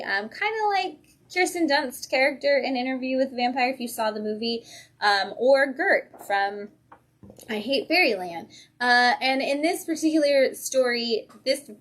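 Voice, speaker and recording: A woman co-hosts a comic shop livestream, chatting about new comics. She sounds enthusiastic, laughs often, and her voice sits fairly high. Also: fairly bright tone. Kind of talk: casual chat, comic reviews.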